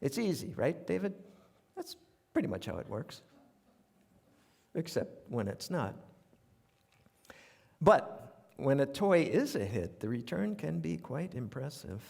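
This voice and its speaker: A man's voice: medium pitch, measured pace, gravelly, pauses often, breathy edge. An older man with a New York accent telling humorous stories on stage in a wry, conversational way. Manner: wry, conversational, animated asides. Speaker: radio commentator performing essays on stage. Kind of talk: humorous storytelling monologue. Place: theater stage, live audience. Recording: live theater with long reverb.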